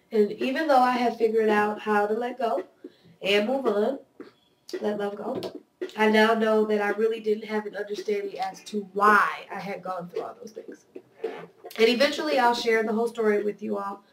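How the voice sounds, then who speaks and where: A woman with a nasal voice from a cold, talking earnestly and candidly to her viewers in a personal video blog. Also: medium pitch. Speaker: video blogger. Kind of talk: personal vlog monologue. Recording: roomy echo, voice a bit off-mic.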